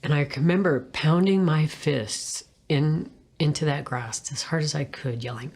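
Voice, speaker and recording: Low-voiced woman giving an earnest faith testimony. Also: a little mellow, breathy edge. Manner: earnest, reflective storytelling with pauses and restarts. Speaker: speaker sharing a personal faith testimony. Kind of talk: personal testimony.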